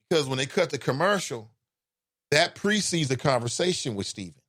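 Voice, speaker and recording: A man hosting a call-in talk show, giving casual commentary with an animated delivery that swings from loud emphasis to low asides. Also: normal speed, dry recording, studio quality.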